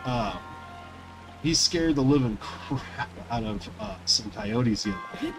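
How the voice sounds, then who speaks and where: The recording is rough, and the man's voice is medium in pitch. He's a gaming streamer chatting casually as he plays, rambling loosely and leaning on lots of filler words.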